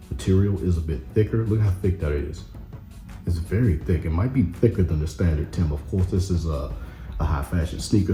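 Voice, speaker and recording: A man casually reviewing sneakers on camera, relaxed and rambling with many fillers. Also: low-pitched, reverberant. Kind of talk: casual product review vlog. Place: indoor room with camera. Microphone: camera mic.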